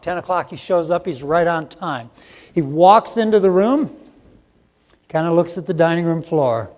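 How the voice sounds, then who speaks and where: A man's voice: sits high, moderate pace, a little mellow. A middle-aged man giving a live training seminar, joking and quizzing the audience, recorded in a conference hall. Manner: jokey, interactive with the audience. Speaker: seminar presenter. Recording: long hall reverb.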